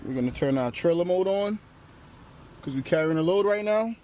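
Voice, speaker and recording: A man hosting a casual towing vlog, talking his viewers through the job as he works, relaxed and swearing now and then. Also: high voice, normal speed. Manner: laid-back, talks to camera while working, swears casually. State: out of breath. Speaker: channel host towing a car. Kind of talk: casual narrated tow vlog. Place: outdoors on a street and inside a pickup truck. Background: faint street and vehicle noise.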